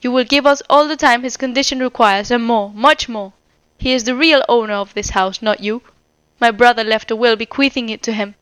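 A woman reader lends her voice to an anxious older lady in a storybook. She speaks in a smooth, slightly high voice that is fervent and faltering. The sound is close and dry. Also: fairly quick, a bit bright, no room sound, natural voice. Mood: pleading. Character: frail anxious older lady, pleading and tremulous.

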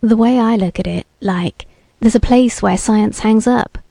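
A woman's voice: on the high side, a little slow, gravelly, dark tone, dry recording. A woman reading the lines of a bearded young beatnik TV repairman who talks in laid-back hip slang and sounds sure of himself. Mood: musing.

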